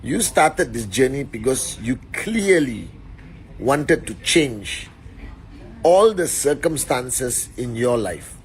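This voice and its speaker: A man leading an upbeat live stream from his phone, rattling off greetings and shout-outs to his viewers. His voice sits in an ordinary middle pitch. A faint hum of the room sits behind him. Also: expressive, takes it slowly. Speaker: network marketing leader. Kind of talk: motivational Instagram live. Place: indoors.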